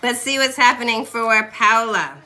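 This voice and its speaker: A woman's voice: fairly high pitch, moderate pace, sharp tone, slight background noise. A woman in her forties giving chatty, reassuring tarot readings on a live stream, speaking to viewers by name. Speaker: tarot reader. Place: home, livestream. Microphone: phone.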